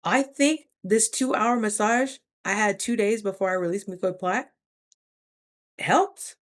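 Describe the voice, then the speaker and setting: A young woman vlogging casually, chatty and animated, acting out her own thoughts in quick asides. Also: mid-range voice. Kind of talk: casual talking-to-camera vlog.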